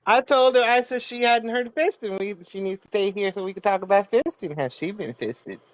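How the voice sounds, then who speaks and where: A woman's voice: medium pitch, a little fast, dry recording, rough recording. A woman bantering on a podcast with cheeky, laughing asides. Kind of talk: casual banter.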